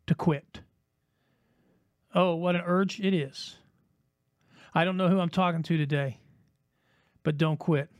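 Preacher guy, high voice, super rhythmic and repetitive, dry close sound. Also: no echo. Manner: rhythmic, repetitive, dramatic pauses, swings between loud and hushed. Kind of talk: sermon. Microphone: broadcast mic.

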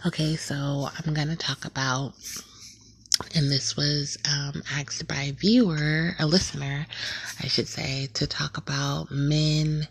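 A woman hosting her own podcast in a casual, candid chat, laughing at herself now and then, talking quietly at night in a shared house. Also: deep voice, steady tone, takes it slowly, breathy edge, dry recording. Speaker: podcast host.

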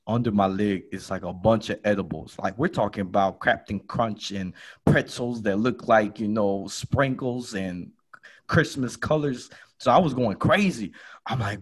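A man's voice: unhurried, slightly rough. A man hosting a podcast, telling a comedy story and acting out the voices in it. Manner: lively, acts out quotes with big jumps in pitch. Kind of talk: animated storytelling chat.

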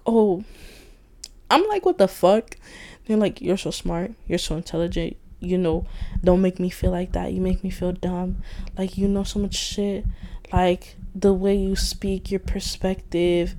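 A woman's voice: on the low side, dark tone. A young woman hosting a solo podcast, talking in a loose, rambling, candid way with lots of slang and swearing. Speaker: podcast host. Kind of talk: late-night solo venting monologue.

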